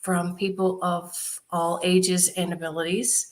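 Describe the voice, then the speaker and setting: A woman in an interview telling her charity's story in an animated way, laughing often and quoting what others said. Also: fairly low pitch, a little slow. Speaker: charity founder guest.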